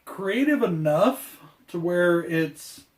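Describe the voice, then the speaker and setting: Man, high voice, upbeat rambling movie talk, roomy echo, mic far off. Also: animated, slow pace. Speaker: movie review host. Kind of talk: casual podcast chat.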